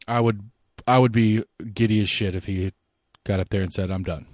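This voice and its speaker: Low-voiced man rambling through politics. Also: steady tone, normal speed, no room sound. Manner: rambling, opinionated, thinks out loud. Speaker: podcast host. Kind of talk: solo political commentary.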